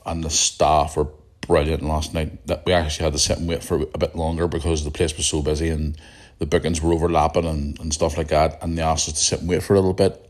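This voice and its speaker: A middle-aged man with a Northern Irish accent and a very low, croaky morning voice talks straight into a podcast mic. He rambles along in a blunt, chatty way, as if telling listeners about his week. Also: darkish tone. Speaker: podcast host. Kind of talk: casual solo podcast chat.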